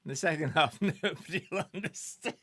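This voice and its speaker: A man co-hosting a music chat stream, talking casually and pausing often with fillers. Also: fairly high pitch, a bit bright, dry recording. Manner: hesitant, full of "uh" fillers. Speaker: co-host, singer-songwriter.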